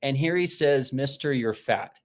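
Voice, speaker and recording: A man speaking live as a motivational speaker, with an ordinary mid-range pitch. He tells stories in an animated way and acts out the voices he quotes. He talks in a loose, conversational way and restarts his sentences often. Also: a little slow. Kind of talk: live-streamed motivational talk.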